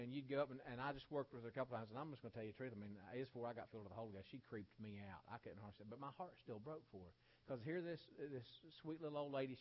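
A man's voice: medium pitch, highs cut off. A man preaching a sermon in a folksy, emphatic way that is full of rhetorical questions.

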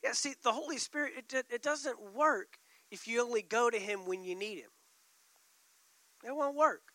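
An impassioned male pastor preaching with emphatic force, dropping at times almost to a whisper. His voice is strikingly high and bright. The recording is close and dry. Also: moderate pace, dry recording. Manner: emphatic, impassioned, swings from loud to near whisper. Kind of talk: sermon.

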